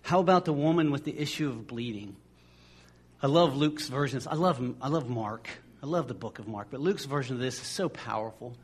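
A man's voice: medium pitch, animated, fairly quick, slightly rough. A man preaching a sermon as pastor, in a conversational way, often repeating words as he restarts a phrase and acting out the voices of people in the stories.

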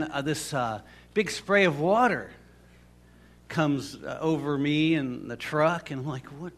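A man's voice: fairly high pitch, a bit bright. A rambling storytelling pastor, a man. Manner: rambling, conversational with many restarts and fillers. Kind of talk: casual storytelling sermon.

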